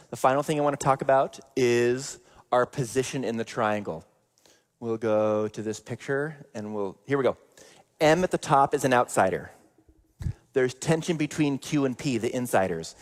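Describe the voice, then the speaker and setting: A man preaching a sermon in a conversational way, acting out everyday examples. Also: medium pitch. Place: church sanctuary. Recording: long church reverb.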